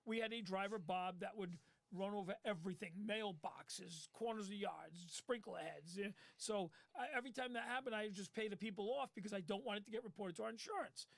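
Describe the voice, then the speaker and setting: A man with a high, fast voice and a gravelly rasp spins a rambling story in casual live-stream chat. He raises his voice to act out the people he quotes. The sound is close and dry. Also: a bit bright, no echo. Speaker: waste company owner, co-host.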